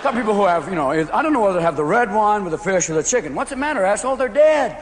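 A man performing stand-up comedy, rapid-fire and jumping into many silly voices, recorded at a live venue. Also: sits high, animated. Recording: loud live audience, noisy hall reverb.

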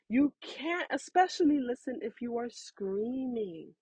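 A woman's voice: on the high side, animated, a little slow, darkish tone, slightly rough, no room sound, rough recording. A woman in her thirties giving frank, conversational parenting advice, calling the listener honey. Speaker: parenting talk host. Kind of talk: casual advice talk.

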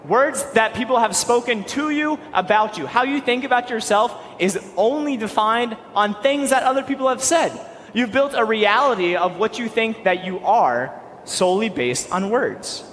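A young man preaching a sermon, animated and quick-talking, with joking asides. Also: high-pitched, long reverb tail, slight background noise.

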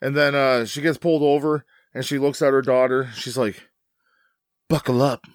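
A man's voice: mid-range voice, fairly even intonation, a little fast, no echo, clean studio sound. A man chatting casually about a film, wry and swearing freely. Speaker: podcast co-host. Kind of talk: casual chat.

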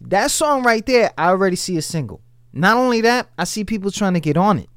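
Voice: medium pitch, big pitch swings, a little fast, a bit bright, clean tone, no echo. A radio host chatting casually and loosely into a studio mic, often repeating words.

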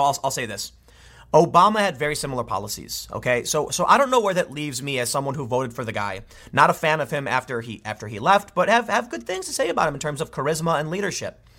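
Man, political commentator, bright tense voice, slightly high, emphatic, opinionated, restarts sentences.

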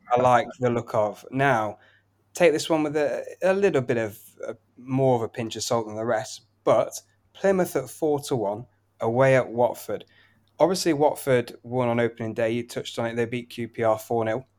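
A man runs through his football betting picks at a brisk clip, listing scores and odds in long, flowing runs. His voice sits at an ordinary middle pitch, and his delivery stays casual and conversational. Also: a little mellow. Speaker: betting podcast co-host. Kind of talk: casual betting tips chat.

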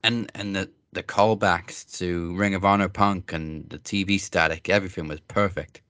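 A man's voice: low-pitched, steady tone, moderate pace, fairly bright tone, dry recording. A man co-hosting a casual talk show, rambling with lots of fillers and restarts. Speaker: podcast co-host. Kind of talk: casual wrestling chat.

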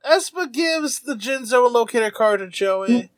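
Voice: medium pitch, animated, moderate pace, no room sound. A podcast host recapping an episode in casual comedic chat, jumping into silly character voices as the story goes.

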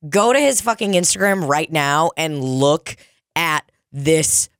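A woman's voice: low-pitched, slow pace, dry recording. A woman in her twenties chats casually on a podcast, swearing freely and jumping into voices as she tells her stories. The sound is dry and close, with no room around it. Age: 20s. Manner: animated storytelling, heavy swearing, acts out voices. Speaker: comedian podcast co-host. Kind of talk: casual chat.

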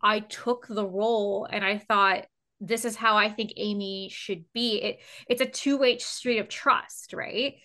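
Brief: Canadian woman, late 20s, voice actor, youthful girlish tone, bright, chatty with lots of "like". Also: medium pitch, steady tone, measured pace. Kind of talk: casual roundtable chat.

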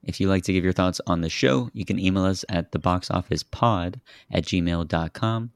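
Man, podcast host, very deep voice, gravelly, dry close sound, measured casual film talk. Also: dry recording. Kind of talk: casual film review chat.

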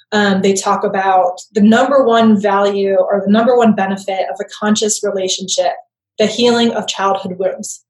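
Woman interview guest, medium pitch, conversational explainer with "right?" tags, roomy echo. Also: darkish tone. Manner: conversational, frequent tag "right?". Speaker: guest expert on attachment.

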